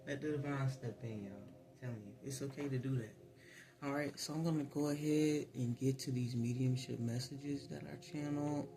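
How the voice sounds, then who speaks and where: A man giving a casual spiritual tarot reading, chatty, laughing often and filling pauses with ums. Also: mid-range voice, fairly even intonation. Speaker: tarot reader. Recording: voice over clear background music.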